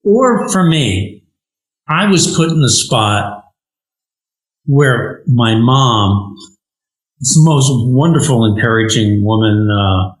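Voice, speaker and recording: An older American animator, a guest in an interview, telling stories from his childhood in an earnest, emphatic way. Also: lowish voice. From United States. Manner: earnest, warm storytelling with emphatic rising phrases. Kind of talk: reflective storytelling in conversation. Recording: roomy echo.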